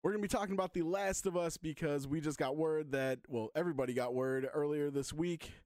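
High-voiced laid-back podcast co-host, man. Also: a little fast, darkish tone, no room sound, clean studio sound. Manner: laid-back, swears, laughs often. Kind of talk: casual chat.

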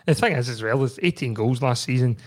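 A man's voice: mid-range voice, a little fast. A Scottish man hosting a football podcast, leading the chat with questions and sweary banter. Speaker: podcast host.

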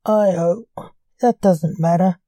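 A man's voice: high-pitched, takes it slowly, warm tone, no echo. A woman voicing a menacing male caller who blackmails in a curt, snapping way.

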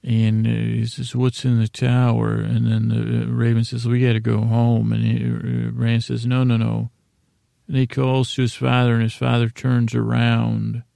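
A man hosting a sleep podcast, giving a meandering, halting episode recap that loosely paraphrases the dialogue. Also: mid-range voice, completely flat delivery, vocal fry, warm tone, smooth, dry recording. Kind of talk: rambling episode recap meant for falling asleep.

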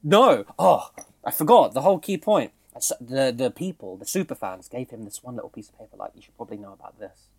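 A man's voice: medium pitch, brisk, creaky, slightly rough. A young man, co-host of a casual podcast, animatedly recounting a film plot with laughs and swearing. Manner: animated, laughing, swearing, acts out quoted lines.

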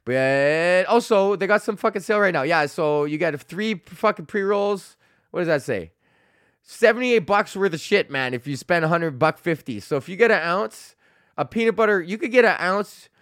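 A man's voice: high voice, animated, normal speed, a bit bright, no room sound, studio quality. A young man hosting his own comedy podcast, ranting with constant swearing and frequent laughter. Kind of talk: profane solo rant.

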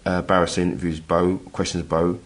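A middle-aged man from England telling a personal story in casual chat, halting with many restarts and acting out the voices he quotes. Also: low-pitched, level tone. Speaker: guest telling his story.

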